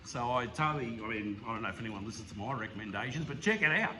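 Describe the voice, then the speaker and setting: A man with an Australian accent hosting a casual, rambling roundup of hobby channels, enthusiastic and quick to laugh. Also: medium pitch, expressive, bright, forceful tone, a little hiss or hum. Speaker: slot car hobby channel host.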